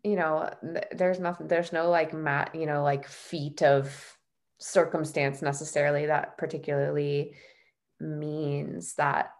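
A woman's voice: low voice, level tone, unhurried. A woman hosting a podcast in a casual, chatty way, full of fillers and self-deprecating laughs. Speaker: podcast host.

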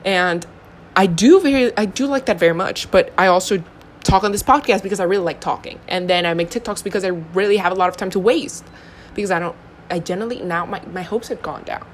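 A woman's voice: fairly low pitch, a little fast, a little hiss or hum. A young woman from Honduras chatting alone on her podcast, rambling with lots of fillers and self-deprecating asides. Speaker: podcast host. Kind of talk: casual solo podcast chat.

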